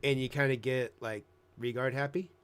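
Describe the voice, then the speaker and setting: A man chatting casually on a live stream, rambling and swearing, now and then jumping into excited high voices. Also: moderate pace, clean tone. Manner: profane, rambling, bursts into excited squeaky voices mimicking himself. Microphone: headset.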